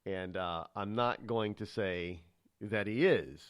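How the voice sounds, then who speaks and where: A man's voice: on the low side, expressive, unhurried, no room sound, clean studio sound. A man hosting a call-in radio talk show, rambling and self-promoting as he digresses.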